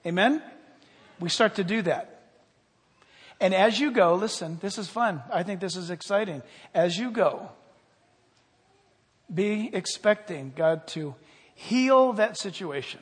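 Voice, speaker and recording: An older man preaching a sermon with fervor, rising loud on key points and dropping quiet. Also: high voice, expressive, a little slow, long pauses, slightly rough. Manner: fervent, swells loud on key points then drops quiet. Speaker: pastor. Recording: long hall reverb.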